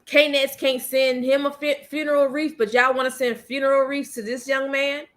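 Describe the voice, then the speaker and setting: Blunt, fairly high-voiced woman commentator. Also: level tone, normal speed, fairly bright tone. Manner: blunt, emphatic, slangy, repeats points. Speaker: commentary channel host. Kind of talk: casual commentary rant.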